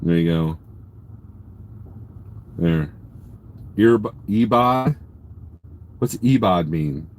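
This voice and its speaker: A man's voice: low voice, expressive, very slow, pauses often, darkish tone. A man live-streaming from his parked truck at a truck stop, casually rambling, joking and teasing viewers as he reads their comments. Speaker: trucker livestreamer.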